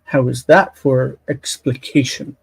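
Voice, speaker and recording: A man teaching grammar in a live online lesson. He explains slowly and repeats key phrases to stress them. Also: medium pitch, steady tone, creaky, husky, rough recording.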